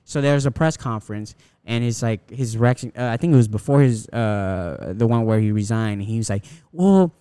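A man's voice: lowish voice, fairly even intonation, a little fast, dark tone, clear, resonant tone, no room sound, clean studio sound. A young man co-hosting a casual podcast, talking in a rambling, profane way with many restarts. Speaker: podcast co-host.

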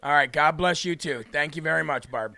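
A man hosting a call-in show, chatting casually and warmly with callers and signing off with blessings. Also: fairly high pitch, a little fast, creaky, dry recording. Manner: folksy, affectionate, religious sign-offs. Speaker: show host taking callers.

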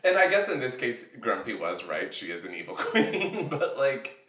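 A man's voice: medium pitch, big pitch swings, moderate pace, a bit bright. A man in casual chat, laughing often and slipping into funny impressions of movie characters. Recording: echoey room, a bit far from the mic.

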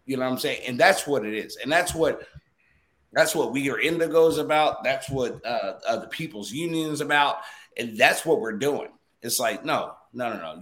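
A man telling a story in casual podcast chat, animated and profane, repeating himself for emphasis. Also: medium pitch, roomy sound.

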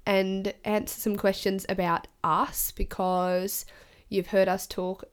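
A woman's voice: medium pitch, level tone, slow pace, clear, resonant tone. A woman co-hosting a podcast, chatting casually and laughing often. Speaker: podcast co-host. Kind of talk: casual chat.

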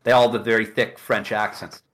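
A man's voice: on the low side, moderate pace. Rambling middle-aged male storyteller. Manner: rambling storyteller with animated, acted-out quotes. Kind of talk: casual chat.

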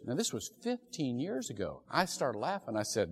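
Animated middle-aged male pastor preaching. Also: mid-range voice, normal speed, hardly any pauses, breathy edge. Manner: animated storytelling, laughing often. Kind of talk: sermon. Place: church sanctuary. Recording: echoey church hall.

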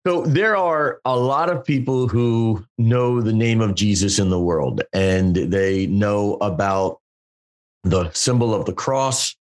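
A man's voice: fairly low pitch, slow pace. Affirming male podcast host, pastoral tone. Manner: warm, affirming, asks long framing questions.

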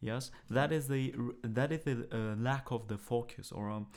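A man's voice: mid-range voice, moderate pace, vocal fry. A man co-hosting a podcast in casual chat, speaking hesitantly with frequent fillers and restarts. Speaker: podcast co-host.

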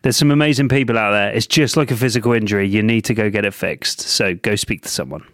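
A man's voice: lowish voice, fast, no room sound, clean studio sound. A man co-hosting a podcast, chatting casually in a teasing, jokey way. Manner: jokey, teasing, lively delivery. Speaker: podcast co-host. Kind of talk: casual chat.

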